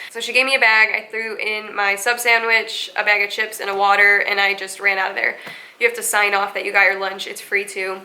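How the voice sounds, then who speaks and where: A young woman in a casual storytime vlog, talking in a chatty, animated way. Her voice is bright and clear, and it jumps higher whenever she acts out what other people said. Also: low-quality recording. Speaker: vlogger.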